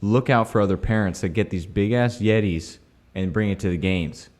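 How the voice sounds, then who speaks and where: A man with a fairly low voice co-hosts a podcast. He chimes in with quick, jokey asides. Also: a little mellow. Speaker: podcast co-host. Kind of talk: casual podcast chat.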